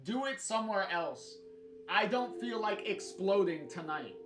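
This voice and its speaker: A streamer reading out the lines of a blunt, rebellious young woman, sarcastic and plain, slightly raised in pitch. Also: lively intonation, measured pace, background noise, natural voice. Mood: snarky. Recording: roomy sound with guitar music.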